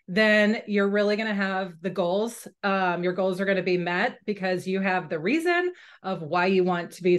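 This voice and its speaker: A woman from St. Louis, Missouri, a new sales consultant sharing her story in a chatty, excitable way with lots of fillers. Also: mid-range voice. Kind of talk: personal testimonial.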